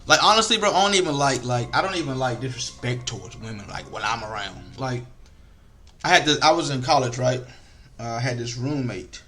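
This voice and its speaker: A man's voice: mid-range voice, a little fast, faint music behind. A young man giving casual, frustrated commentary over a football video game, swearing often and shifting between rants and storytelling. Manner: frustrated, animated, swears a lot, African American Vernacular English speech patterns.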